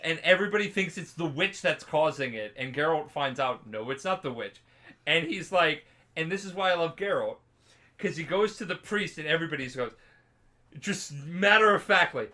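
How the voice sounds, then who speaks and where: A man's voice: a little high, lively intonation, moderate pace, bright, forceful tone. A drunk man co-hosting a podcast, rambling and laughing, with many fillers and restarts. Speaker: podcast co-host. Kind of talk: casual chat.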